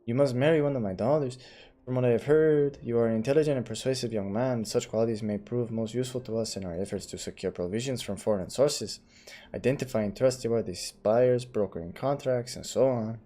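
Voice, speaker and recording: A man voicing a stately older count, reading game dialogue in a formal, measured way. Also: medium pitch, mellow, lightly acted. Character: stately older male count, grave host.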